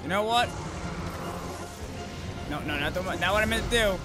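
Excitable high-voiced man swearing at a game. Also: moderate pace. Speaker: gaming channel host. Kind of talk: let's play commentary. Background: game music.

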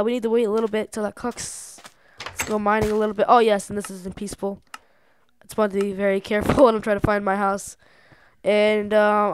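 A young woman giving casual gameplay commentary, excitable and talking to herself, swearing and laughing often. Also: medium pitch, clear, resonant tone. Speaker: gamer.

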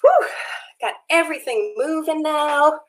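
A woman's voice: sits high, expressive, a little slow. A woman co-hosting a children's music livestream from home, cheerful and encouraging, singing and giving movement cues. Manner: bright, encouraging, sings along.

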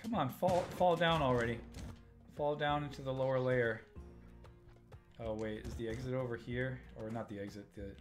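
A man's voice: medium pitch, moderate pace, faint music behind. A man hosting a live stream, giving casual gameplay commentary, muttering to himself and chatting with viewers as he plays.

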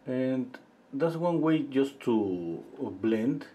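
A middle-aged man giving a live painting lesson, thinking aloud as he works, pausing often and chatting with viewers between steps. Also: medium pitch. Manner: relaxed, thinking aloud while he paints, with frequent pauses and fillers. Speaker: painting instructor.

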